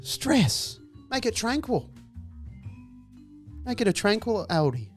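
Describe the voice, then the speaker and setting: A man's voice: high-pitched, sing-song, takes it slowly, faint music behind. A man giving a profane, exasperated comic monologue as a podcast host and stand-up comedian. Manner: exasperated ranting, profane, acts out noises.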